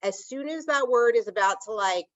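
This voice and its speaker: A woman's voice: fairly high pitch, lively intonation, a little fast, dry recording, highs cut off. A woman hosting a casual podcast, speaking reflectively in long thoughtful runs. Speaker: podcast host.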